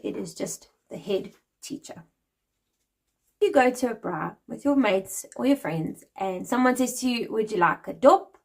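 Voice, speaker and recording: A South African woman in her forties talks straight to her viewers in a relaxed vlog. Her voice sits a little high, and she keeps it friendly and chatty, with light laughs along the way. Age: 40s. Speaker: vlogger. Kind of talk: casual explanatory vlog.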